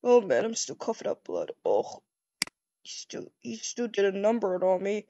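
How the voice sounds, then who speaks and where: A woman doing a first-person role-play over a game, excitable and easily startled, rambling with stammered restarts. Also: medium pitch, normal speed, highs cut off.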